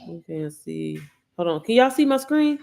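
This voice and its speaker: Woman host, casual livestream coach, chatty and slangy, speaks to the audience, lively swings in pitch and volume. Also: moderate pace, creaky. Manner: chatty, slangy, addresses viewers directly. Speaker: online business coach.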